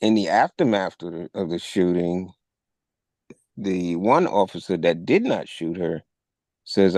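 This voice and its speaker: A man with a low, mellow voice retells a news story to his co-host. He speaks slowly and deliberately. The sound is dry and close. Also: animated, no room sound. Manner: measured storytelling, acts out quoted officers with raised voice. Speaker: podcast co-host.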